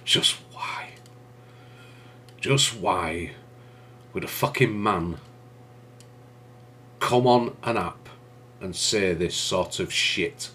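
A man's voice: sits low, pushed and bright, slight background noise. Blunt sweary man reacting. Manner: blunt, sweary, quick to anger. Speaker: streamer reacting to clips. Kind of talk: live reaction commentary.

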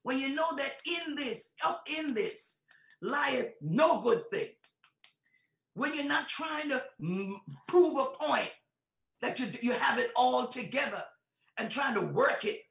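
Fervent woman preacher, gravelly, echoey hall. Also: high-pitched, lively intonation, slow pace, recorded from a distance. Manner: fervent, rising to shouts, conversational asides. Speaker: bishop preaching. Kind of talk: sermon.

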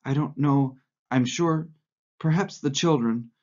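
Jittery tired housewife, hesitant, higher voice, man doing her, dull lo-fi audio. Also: moderate pace, mellow, natural voice. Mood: flustered. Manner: flustered, hesitant. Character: nervous, worn-out housewife, fretful.

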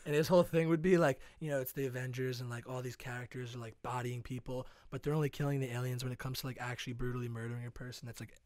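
A young man riffs through casual podcast chat, rattling off jokes and swears at a very quick pace. His voice sits at an ordinary pitch, and the sound is dry and close. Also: level tone, darkish tone, dry recording. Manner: rapid, profane riffing. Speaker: podcast co-host.

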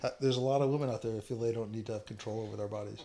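A man's voice: lowish voice, fairly even intonation, racing, dark tone, slight background noise. A man on a comedy podcast, making dry interjecting remarks in casual chat.

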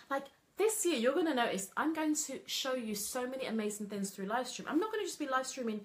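A woman running an online coaching program, talking to viewers in a chatty, lively live stream, full of "like" and "you know.". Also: sits high, quick pace, hardly any pauses. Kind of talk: casual live stream talk.

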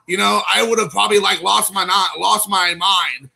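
A man in his thirties hosting a casual stream while opening trading card packs, excitable and rambling, calling people dude. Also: high-pitched, normal speed, vocal fry, faint music behind, rough recording. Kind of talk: casual live-stream chat.

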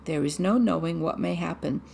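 Headstrong robber girl, bossy and blunt, low gravelly tone, woman reader playing her. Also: a little fast, a little mellow, a little hiss or hum.

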